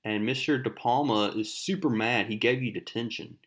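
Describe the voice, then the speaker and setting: A man's voice: mid-range voice, moderate pace, a bit bright, lightly acted. A man reading as an exasperated teenage girl. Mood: worried. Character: annoyed teenage girl classmate. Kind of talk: reading comic dialogue aloud.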